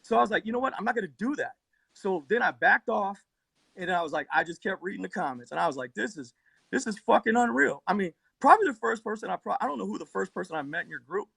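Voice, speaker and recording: A man's voice: sits high, animated, fast talker, vocal fry, bright, forceful tone, breathy edge, dry recording. A man arguing on a phone livestream, telling a long, profane, worked-up story in a rambling way. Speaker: livestream debate participant. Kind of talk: heated live-stream argument.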